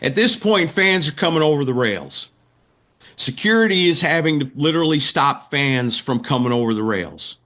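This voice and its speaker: A man's voice: a little high, animated, normal speed, pushed and bright. A man, a wrestling announcer and writer, vividly retelling stories as a guest in an interview, acting out the quotes. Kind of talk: animated storytelling in a podcast interview.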